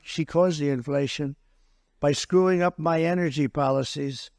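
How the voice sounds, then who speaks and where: A man's voice: a little high, fairly even intonation, moderate pace, darkish tone. Man giving a blunt, mocking rally speech. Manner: blunt, mocking, repetitive, boastful asides to the crowd. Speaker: political candidate at a rally.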